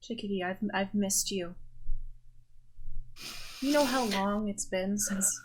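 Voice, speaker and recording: A woman voicing a hoarse, weary caged man. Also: slow pace, background noise, close to an everyday voice. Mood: tender. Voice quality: tired and hoarse. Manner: soft, low, tender.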